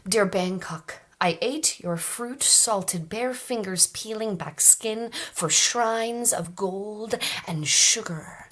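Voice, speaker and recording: A woman at an open mic reading poems aloud in a soft, measured way, dropping into hushed, whispered phrases. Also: medium pitch, slightly rough. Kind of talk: poetry reading.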